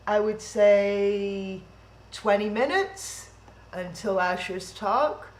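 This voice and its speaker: A woman hosting a livestream from home, talking at an unhurried, easy pace. Her chat rambles from one thought to the next with a self-deprecating edge. The room gives her voice a noticeable echo. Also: on the low side, a little hiss or hum. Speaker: livestream event host. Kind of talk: casual live-stream chat. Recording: roomy echo.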